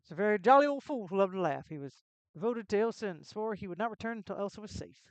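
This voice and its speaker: A woman's voice: mid-range voice, animated, quick pace, no room sound, close to an everyday voice. A woman voicing a solemn male castle gatekeeper, reading the game's lines in plain speech. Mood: informative. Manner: plain game-text reading.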